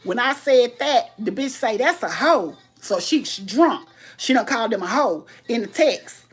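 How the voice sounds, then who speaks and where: A woman's voice: a little high, lively intonation, normal speed. A woman in a casual livestream vlog, animatedly retelling a phone argument. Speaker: livestream host. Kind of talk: casual storytelling rant.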